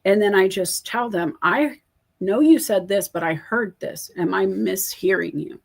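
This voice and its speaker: A woman hosting a casual chat as a coach, telling stories in a candid, animated way. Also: medium pitch, unhurried, creaky. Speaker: host and coach.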